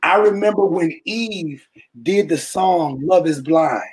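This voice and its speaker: A man giving an impassioned, preaching-style talk, colloquial and animated, often shouting for emphasis to his listeners. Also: sits high, slow pace, slight background noise. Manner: colloquial, calls listeners "baby" and "y'all". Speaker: speaker addressing a church audience.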